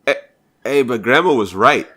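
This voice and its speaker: A man's voice: medium pitch, expressive, moderate pace, fairly bright tone. A man hosting a casual talk show, laid-back and teasing. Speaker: host. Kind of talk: casual podcast chat.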